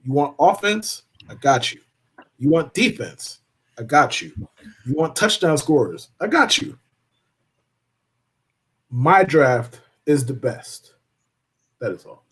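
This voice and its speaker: A man co-hosting a live-stream podcast in a casual chat, delivering dry deadpan jabs and slow, punchy lists. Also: fairly high pitch, breathy edge. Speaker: podcast co-host.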